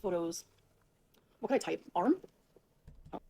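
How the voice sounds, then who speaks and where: A woman's voice: on the low side, expressive, unhurried, vocal fry, mellow, slightly rough. A woman on a livestream, rambling to her viewers in a flustered way and swearing a lot.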